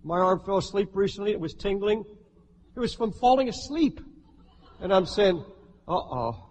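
A man's voice: sits high, normal speed, darkish tone, long reverb tail. A pastor preaching an emphatic sermon from the pulpit, firing rhetorical questions at his congregation. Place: church sanctuary with a congregation.

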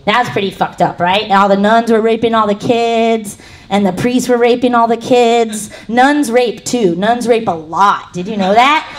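A brash woman working a comedy club crowd, her voice high and bright. She is crude and playful. She speaks into a handheld stage mic. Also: normal speed. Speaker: stand-up comedian. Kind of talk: crude stand-up set.

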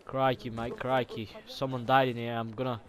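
A man's voice: medium pitch, level tone, normal speed, background noise, close to an everyday voice. A young man doing a put-on Australian gamer voice, slangy and swearing constantly as he banters in an online game chat. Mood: confused. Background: game gunfire and clicks.

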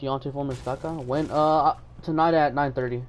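A man's voice: mid-range voice, fairly even intonation, a little fast, a little hiss or hum. A young man from Texas live-streaming a game, chatting casually and joking while reading viewer messages aloud. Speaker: gaming streamer.

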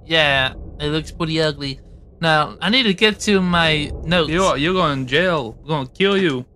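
A man voicing a gruff male sheriff in a goofy comedy fan dub, speaking in short blunt lines. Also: fairly high pitch, normal speed, bright, forceful tone, slight background noise. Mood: tough. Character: gruff male wolf sheriff, tough guy. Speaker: fan dubber.

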